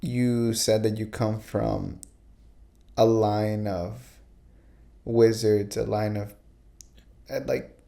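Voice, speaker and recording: This podcast host has a fairly low, gravelly, warm voice with little pitch movement, and he speaks very slowly with frequent pauses. Conducting a casual interview, he stumbles over his questions, repeating words as he shapes them.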